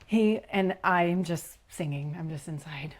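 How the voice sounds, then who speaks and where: A woman, a leadership coach, telling a personal spiritual story as a podcast guest, in an animated, earnest way with many "like" and "you know" fillers. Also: on the low side, measured pace.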